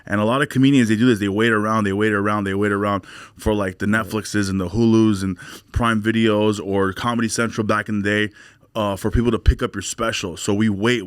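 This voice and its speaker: A man in his forties tells stories in a low, easygoing voice, jumping up in pitch to act out friends and family. The sound is dry and close, with no room echo. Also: smooth. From Glendale, California. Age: 40s. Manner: animated storyteller, acts out quotes in higher voice. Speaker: stand-up comedian guest. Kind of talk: casual storytelling interview.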